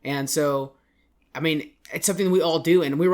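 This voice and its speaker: A man with a somewhat high voice hosts a casual gaming podcast. He rambles through results, often stopping to correct himself mid-sentence. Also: steady tone, a little fast. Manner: rambling, self-correcting esports recap. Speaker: podcast host.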